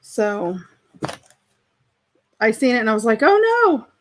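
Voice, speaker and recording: Hosting a casual craft livestream from home, this woman chats with viewers, laughs easily, and reads their comments aloud in a friendly way. Her voice is fairly high with fairly even intonation, she speaks slowly, and there's a slight hiss or hum in the background.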